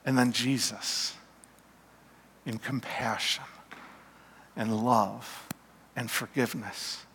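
Slow-preaching man in a reverberant church. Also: medium pitch, fairly even intonation, slight background noise. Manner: slow, emphatic preaching that drops to a hush. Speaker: pastor. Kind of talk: sermon. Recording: long reverb of a hall.

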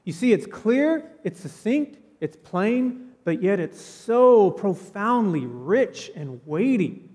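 A pastor giving a sermon in a church, telling the story in a conversational, animated way with casual asides. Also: male voice, high-pitched, slow, few pauses, in a large hall. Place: church sanctuary.

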